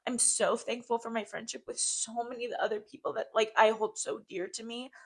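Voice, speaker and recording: A woman's voice: fairly high pitch, steady tone, brisk. A young woman co-hosting a casual podcast, talking in a heartfelt way, repeating phrases and saying "like" often. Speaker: podcast co-host.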